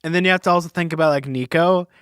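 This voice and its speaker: A man's voice: fairly high pitch, very fast, a bit bright, clear, resonant tone, no room sound, studio quality. A young man co-hosting a podcast, talking casually and with opinions, rambling with filler words. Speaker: podcast co-host. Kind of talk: casual chat.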